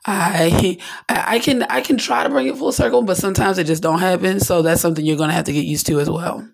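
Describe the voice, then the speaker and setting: Gravelly, husky woman podcasting. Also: fairly low pitch, fast talker. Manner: rambling, candid, acts out little voices. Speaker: podcast host. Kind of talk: casual spiritual monologue.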